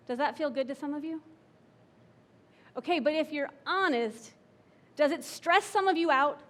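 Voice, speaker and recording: High-voiced woman preaching conversationally. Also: unhurried, long pauses, a bit bright. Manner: conversational, asks the congregation questions. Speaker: pastor. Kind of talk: sermon.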